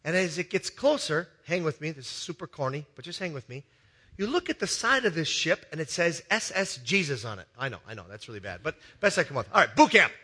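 A male pastor preaching a sermon in a church with a balcony, telling a story that swings from loud, excited passages to soft, hushed ones. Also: on the high side, quick pace, breathy edge.

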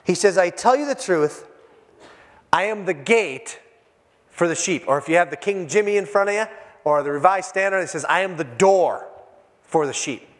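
A man preaching a sermon, retelling scripture in a lively storytelling way, acting out the voices and often restarting his phrases. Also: high voice, normal speed. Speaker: pastor. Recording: echoey hall with long reverb.

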